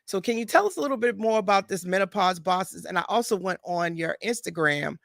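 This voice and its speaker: A woman in her forties hosting a podcast, chatting in a relaxed way with frequent fillers. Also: mid-range voice, brisk, gravelly, no room sound, clean studio sound. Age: 40s. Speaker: podcast host. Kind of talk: casual conversational interview.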